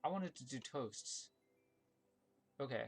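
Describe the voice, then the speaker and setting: A man at an ordinary mid pitch chats his way through a game stream, thinking aloud and restarting sentences. He jumps to loud, high yelps when the game surprises him. Faint music plays underneath. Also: takes it slowly. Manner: chatty, thinks aloud with many restarts and fillers; bursts of high excitement at surprises. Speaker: streamer playing viewer-made levels. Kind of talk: casual live-stream gameplay commentary.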